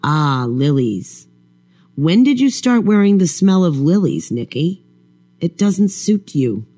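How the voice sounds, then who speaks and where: A man's voice: on the high side, big pitch swings, takes it slowly, mellow, soft background music, voice pushed up, heavily acted. A man voicing a cruel, sneering undead husband with a mocking, contemptuous drawl.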